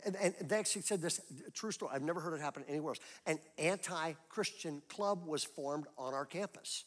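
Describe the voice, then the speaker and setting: A middle-aged male pastor preaching in a church, his voice sitting high for a man. He tells stories in a loose, conversational way, then climbs into loud, emphatic peaks. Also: brisk, hardly any pauses. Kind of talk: sermon. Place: church auditorium.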